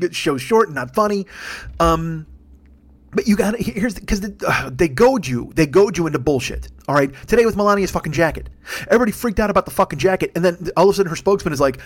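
Middle-aged male podcast host, rapid-fire, somewhat high voice, swears constantly while ranting. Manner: profane, fast, mocks opponents in put-on voices. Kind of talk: angry political rant.

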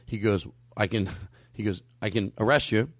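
A man hosting a casual podcast chat, telling a story and acting out the dialogue with lively shifts in his voice. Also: fairly low pitch, normal speed, no room sound. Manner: animated, acts out quoted dialogue. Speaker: podcast host.

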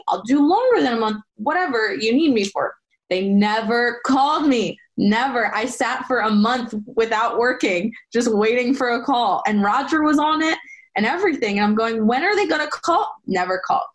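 A young woman, a former soap actress, chatting as an interview guest and telling stories with lively, excited quoted voices. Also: fairly high pitch. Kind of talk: casual interview storytelling.

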